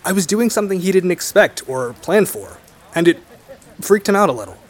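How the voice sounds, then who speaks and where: Young man, higher voice, lively pitch, thoughtful, hesitant. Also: a little fast. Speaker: storyteller guest. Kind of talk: reflective conversation.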